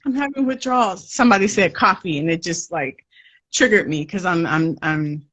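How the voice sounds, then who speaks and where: A woman hosting a casual podcast Q&A, chatty and quick to laugh. She reads out audience questions and trails off into asides mid-sentence. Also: fairly low pitch, fairly bright tone. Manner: chatty, laughs often, self-interrupting. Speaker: podcast host.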